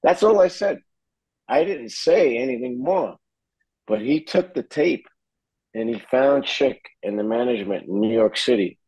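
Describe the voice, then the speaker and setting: A man from New Jersey, a guest musician in an interview, telling an animated story and acting out what others said. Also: medium pitch, unhurried, husky, no echo, low-quality recording. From New Jersey, USA. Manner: animated storyteller who acts out quotes.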